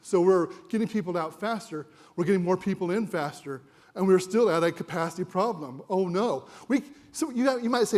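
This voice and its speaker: High-voiced man giving a chatty conference talk. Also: fairly quick, a little mellow. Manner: conversational, jokey, asks the audience questions. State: a little winded. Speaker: conference presenter. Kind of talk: live conference presentation. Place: conference room with audience.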